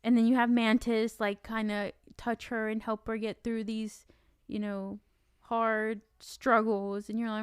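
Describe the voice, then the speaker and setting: A woman's voice: mid-range voice, little pitch movement, measured pace, clear, resonant tone, dry recording, clean studio sound. A woman co-hosting a podcast, chatting casually about a film, swearing freely and acting out her own reactions. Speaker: podcast co-host.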